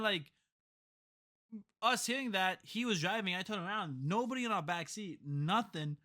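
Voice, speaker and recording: A man's voice: high-pitched, lively intonation, moderate pace, pushed and bright. A man co-hosting a podcast, telling a story in casual chat, rambling and laughing often. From a reservation community. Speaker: podcast co-host.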